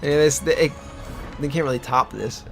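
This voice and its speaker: A man's voice: a little high, moderate pace, vocal fry, music in the background. A man co-commentating a video game, dry and teasing, explaining the game's mechanics. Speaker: let's play co-host. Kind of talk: casual gameplay commentary.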